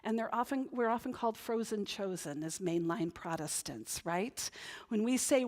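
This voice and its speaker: A woman pastor with a medium-pitched, expressive, a little mellow voice preaches at normal speed in church. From Northern New England, she keeps the sermon chatty and conversational, often adding "right?" to her points.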